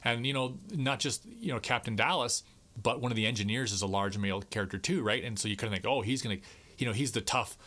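A man's voice: fairly low pitch, fast, pushed and bright. A man co-hosting a podcast, talking emphatically about a film with plenty of filler words and the odd curse. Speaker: podcast co-host. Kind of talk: casual film discussion.

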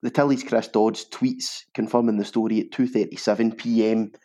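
Low, mellow Scottish podcast host. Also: male voice, normal speed. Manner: steady, reads statements aloud plainly. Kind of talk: scripted intro and casual football chat.

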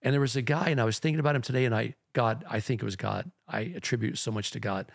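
Man, pastor, gravelly voice, rambling earnest storytelling, podcast chat. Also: medium pitch, steady tone, fast, no room sound, studio quality. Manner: rambling, earnest anecdote telling.

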